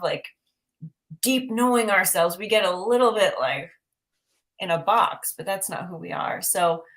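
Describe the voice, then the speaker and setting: A woman giving intuitive art readings on a livestream, upbeat and chatty, asking lots of rhetorical questions. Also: medium pitch. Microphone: livestream mic.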